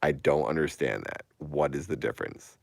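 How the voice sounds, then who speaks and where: Very deep, gravelly-voiced man in his thirties. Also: normal speed, no echo, studio quality. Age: 30s. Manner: rambling, turns emphatic and incredulous. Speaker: streamer. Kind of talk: casual live-stream chat.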